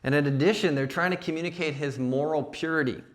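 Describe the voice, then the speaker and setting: A man's voice: fairly high pitch, fast. A man giving a sermon at a young adults retreat, conversational, often checking in with "right?". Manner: conversational preaching, frequent "right?" and "like". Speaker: young adult ministry speaker. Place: church retreat session.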